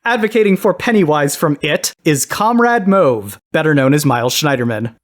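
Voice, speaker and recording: A man's voice: a little high, expressive, moderate pace. A man hosting a comedy podcast, reading a scripted comic story with playful dry asides. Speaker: podcast host.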